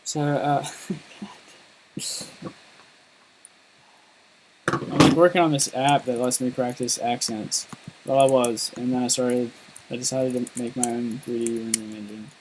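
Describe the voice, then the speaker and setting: A man's voice: medium pitch, steady tone, measured pace, long pauses, slight background noise, low-quality recording. Rambling man live-streaming his coding. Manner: rambling and self-deprecating, lots of fillers and laughs. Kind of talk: casual live-stream chat while coding.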